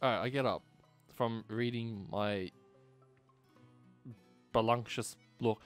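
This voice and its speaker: A man giving excitable, casual let's play commentary, exclaiming, swearing and laughing often. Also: medium pitch, slow, pauses often, clear, resonant tone, no room sound, soft background music. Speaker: gaming streamer.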